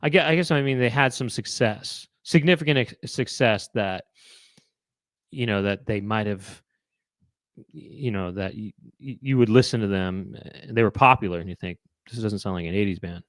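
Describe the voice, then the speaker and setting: A man's voice: lowish voice, normal speed, a bit bright, dry recording, clean studio sound. Rambling male chat-show host. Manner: rambling, musing aloud with many fillers and restarts. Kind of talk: casual chat with live viewers.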